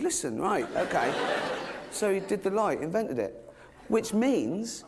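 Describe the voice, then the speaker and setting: An English man doing a stand-up comedy routine, mock-earnest and halting with ums, then breaking into giddy excitement. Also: high-pitched, a crowd in the background, noisy background. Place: live comedy stage.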